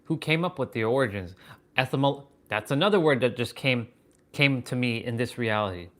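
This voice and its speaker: A man hosting a livestream, musing aloud in halting, wondering phrases with bursts of excited swearing. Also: medium pitch. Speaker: fitness and wisdom livestream host. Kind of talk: live stream musing.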